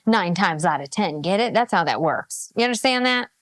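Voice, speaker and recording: A woman's voice: on the low side, lively intonation, moderate pace, fairly bright tone, no echo. A woman commentating on a clip, mocking and laughing, often repeating "okay". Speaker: reaction commentator. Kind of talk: reaction commentary.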